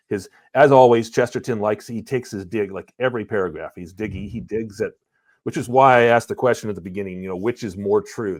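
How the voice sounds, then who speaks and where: Male co-host, deep voice, rambling casual commentary, dry mic. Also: darkish tone, no room sound. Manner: rambling, with many fillers and self-corrections. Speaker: podcast co-host.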